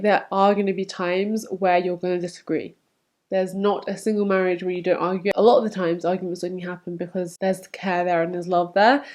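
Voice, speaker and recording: A young woman vlogging to camera, speaking candidly and chattily, and acting out remembered quotes. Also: medium pitch. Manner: candid, animated, acts out quotes.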